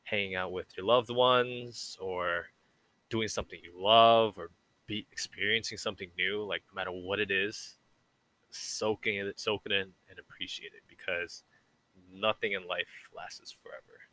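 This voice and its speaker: A man's voice: lowish voice, fairly even intonation, normal speed, bright, forceful tone. A young man talking as a podcast guest, rambling and reflective and saying "like" a lot. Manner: rambling and reflective, heavy use of "like". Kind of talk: casual conversation.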